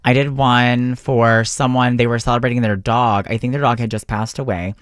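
A man's voice: mid-range voice, fairly even intonation, normal speed, clean tone, no room sound. Fields: Sex: man. Role: cookie baker. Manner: chatty storyteller. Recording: dry. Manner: chatty storyteller with frequent restarts. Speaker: small-business cookie baker. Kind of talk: casual interview chat.

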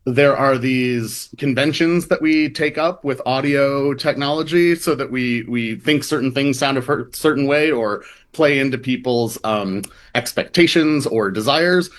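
A man's voice: medium pitch, measured pace. A man from the American Midwest, a reporter interviewed as a guest, talking casually with lots of fillers. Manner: casual, many fillers and hedges like "like" and "um". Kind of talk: conversational interview.

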